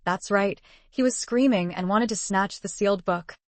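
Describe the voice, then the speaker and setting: A woman reading the lines of a brash young boy ninja in an even, unacted voice. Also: medium pitch, moderate pace, dry recording, natural voice. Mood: plain.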